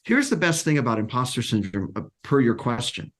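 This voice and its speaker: A man career coach talking casually as a podcast guest, animated and acting out quotes, with frequent restarts. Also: medium pitch, a little fast. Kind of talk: casual interview talk.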